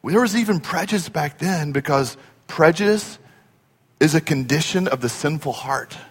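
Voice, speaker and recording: A man preaching a sermon in a church, telling stories in an animated way and acting out the voices in them. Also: a little high, moderate pace, husky. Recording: long hall reverb.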